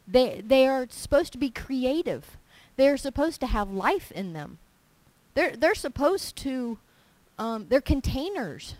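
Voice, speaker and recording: A woman's voice: fairly high pitch, no echo, low-quality recording. A woman giving an informal sermon full of personal stories, talking emphatically and repeating her key points. She acts out small dialogues in her own voice as she goes. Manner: animated storytelling, acting out little dialogues in her own voice; emphatic and repetitive. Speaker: preacher.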